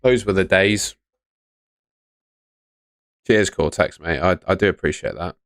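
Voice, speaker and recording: With a deep voice and a measured pace, the young host chats through his fantasy football live stream, reading and responding to chat messages in casual commentary. The stand-mounted studio mic yields a clean, dry studio sound.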